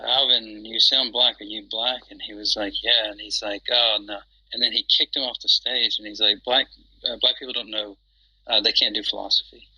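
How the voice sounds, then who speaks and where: A man's voice: on the low side, pushed and bright, breathy edge. A man chatting casually on an audio call, rambling with many fillers and restarts. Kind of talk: casual chat. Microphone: phone on an audio chat app. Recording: dull lo-fi app audio.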